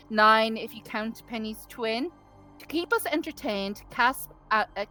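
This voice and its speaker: A woman's voice: fairly high pitch, low-quality recording. Woman reading an adventure journal aloud. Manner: nervous at first, then steady reading.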